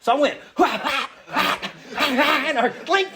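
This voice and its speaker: A man's voice: extremely high pitch, drawn-out words, noisy background. A man telling a humorous personal story to a meeting audience, acting out his own lines as he goes. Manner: storytelling, acts out his own quotes in a raised voice. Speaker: recovery meeting speaker. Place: meeting room with a live audience. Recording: audience laughter in the room.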